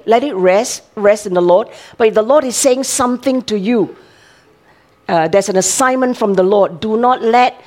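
A woman's voice: medium pitch, darkish tone. An older woman, a grandmother, preaching a sermon in a conversational way, often checking with listeners and laughing.

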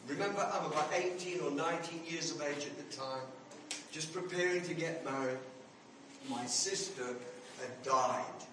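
A man's voice: on the high side, moderate pace, very echoey, far from the mic, background noise. A man in his seventies preaching a sermon, telling a personal story earnestly and building to emphatic points. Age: 70s.

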